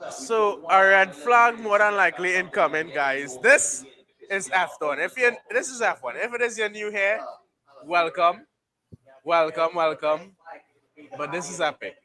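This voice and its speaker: A man hosting a live race watchalong, excitable and breaking into shouted mock commentary. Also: high voice, unhurried. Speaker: livestream host. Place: bar and grill. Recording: noisy bar crowd behind.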